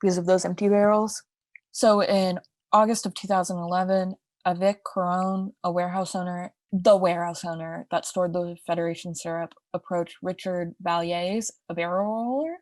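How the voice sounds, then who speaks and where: A woman's voice: fairly low pitch, fairly even intonation, normal speed, a little mellow, no room sound, clean studio sound. Chatty woman telling a true-crime story. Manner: chatty, explains with asides and restarts. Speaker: podcast co-host. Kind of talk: casual storytelling chat.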